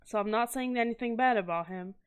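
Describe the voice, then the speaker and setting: A woman's voice: fairly high pitch, a little fast, clear, resonant tone. A woman hosting a casual video review of comic art, chatty and enthusiastic, often stopping to correct herself and laugh nervously. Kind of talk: casual chat.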